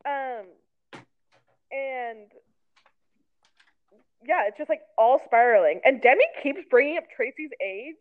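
A woman's voice: high-pitched, expressive, slow, pauses often. A woman in her twenties, co-hosting a casual recap podcast in a chatty, sarcastic way, with lots of "like.". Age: 20s. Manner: chatty, sarcastic, heavy use of "like". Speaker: podcast co-host. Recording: tinny phone-like sound.

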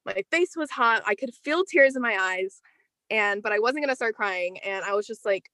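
A young woman in her teens, a guest in a casual interview, telling a personal story in an animated, chatty way with lots of "like.". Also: medium pitch, moderate pace, dry recording.

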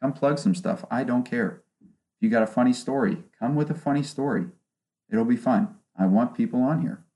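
This young man hosts his own podcast solo from a small home studio, talking casually and ranting with sarcasm into one omnidirectional mic. His voice is medium-pitched and warm, at a moderate pace.

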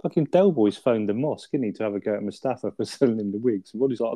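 A man with a lowish, mellow voice chats loosely about a sitcom episode, laughing and swearing as he quotes the characters. The recording is dry and close. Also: fast, dry recording. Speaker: podcast co-host. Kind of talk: casual chat reviewing a sitcom episode.

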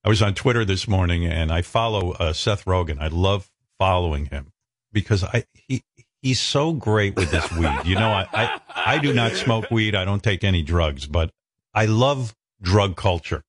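A man hosting a talk radio show, his voice low but swooping all over as he riffs. He piles on sarcastic, profane exaggerations in casual banter. The sound is dry and close, with no room around it. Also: normal speed, no echo. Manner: animated, sarcastic, profane riffing.

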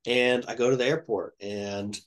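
A man's voice: medium pitch, normal speed. A man in his thirties from Ohio telling a long travel story in casual chat, rambling and acting out what people said. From Ohio, USA. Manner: rambling, animated retelling with quoted voices.

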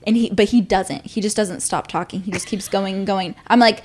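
A woman's voice: mid-range voice, fairly quick, hardly any pauses, a little mellow. A young woman co-hosting a podcast, telling a story casually, swearing freely and acting out what people said. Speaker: podcast co-host.

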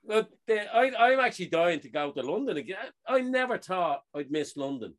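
An Irish man co-hosting a casual podcast, telling stories with lively acted-out dialogue. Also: high voice, moderate pace. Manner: animated storyteller, acts out both sides of conversations. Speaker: podcast co-host.

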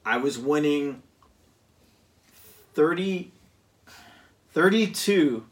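A man chatting casually, rambling and pausing with many fillers as he recounts a season of a football video game. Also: on the high side, expressive, far from the mic. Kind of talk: casual chat.

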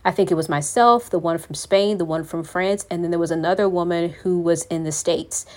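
A woman's voice: lowish voice, fairly even intonation, a little fast, darkish tone. A woman hosting a faith podcast, talking in an earnest, preachy way and calling her listeners "you all". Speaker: podcast host.

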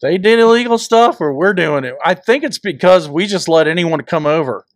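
Brief: male co-host, high-pitched, wisecracking, dry close recording. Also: expressive, normal speed, no room sound. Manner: wisecracking, crude humor. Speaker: podcast co-host. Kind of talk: casual banter.

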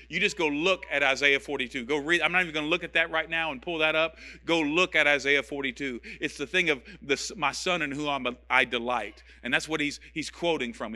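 A man delivers a sermon in a high register with an intensely tense, cutting tone. He preaches with passion and emphasis, circling back over the same phrases to drive them home. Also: sharp tone. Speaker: pastor.

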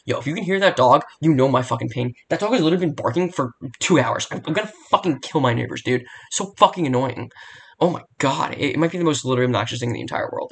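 A man's voice: on the high side, vocal fry, fairly bright tone, breathy edge. Young male solo podcaster, blunt and profane, rambling home recording. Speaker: podcast host. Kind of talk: casual solo sports betting podcast. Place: home room near a barking dog.

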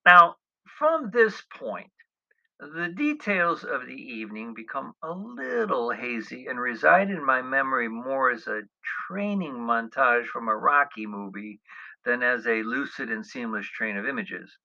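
A man's voice: mid-range voice, very animated, unhurried, creaky, bright, forceful tone. A middle-aged man telling a funny travel story about himself, wry and self-mocking, with chuckling asides. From United States. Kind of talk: humorous personal travel storytelling. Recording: dull lo-fi recording.

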